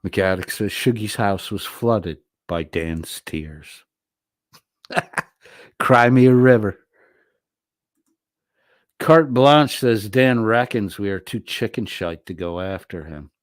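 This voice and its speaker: A man's voice: fairly low pitch, expressive, slow pace, long pauses, no echo, clean studio sound. A man hosting a livestream, reading viewer comments aloud and answering them in a crude, mocking, profane way. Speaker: livestream host.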